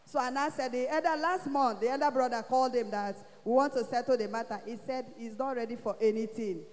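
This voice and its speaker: A Nigerian woman giving a church testimony, telling her story in an animated way and acting out what others said. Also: on the high side, a little fast, big-room sound. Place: church hall.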